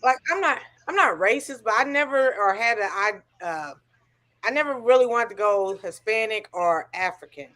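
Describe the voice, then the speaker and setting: A woman hosting a livestream, chatting in a relaxed way and reading from the chat. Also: fairly high pitch, moderate pace. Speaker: livestream host. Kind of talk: casual chat.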